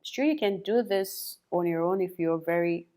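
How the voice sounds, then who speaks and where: A woman's voice: lowish voice, normal speed, mellow. A young adult woman teaching English in a chatty spoken lesson, repeating words for practice and laughing often.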